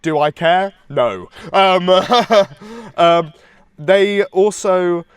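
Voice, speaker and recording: Congested male podcast co-host, slightly high, eager rambling delivery, dry close mic. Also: slow pace, clear, resonant tone, no echo. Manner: enthusiastic, rambling with restarts. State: congested from hay fever. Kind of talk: casual music chat.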